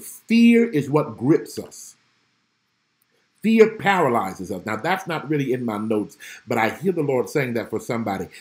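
Male preacher, fairly high, very animated delivery, emphatic repetition, greets viewers by name mid-sermon. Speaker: pastor. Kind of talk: livestream Bible study sermon.

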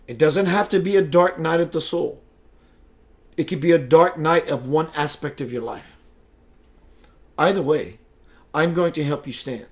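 A man hosting a live spiritual broadcast who talks in a slow, emphatic, preacherly way and reads out viewer comments. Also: fairly high pitch. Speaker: spiritual show host.

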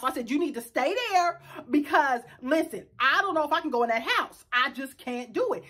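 A middle-aged woman, telling a dramatic story in casual chat to her viewers. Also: sits high. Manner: animated, dramatic storyteller addressing viewers as y'all. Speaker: vlogger.

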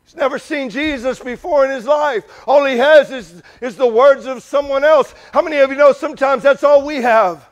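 A man preaching a sermon, talking conversationally to his congregation with many questions, moving between loud urgent bursts and quiet asides. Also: very high voice, normal speed, few pauses.

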